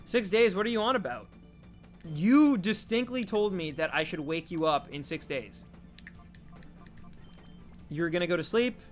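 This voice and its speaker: A man from Canada with a high-pitched voice hosts a casual livestream. He rambles, jokes and answers his chat as it comes in. Soft background music plays under his desk-mic talk. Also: animated, measured pace, long pauses. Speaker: streamer.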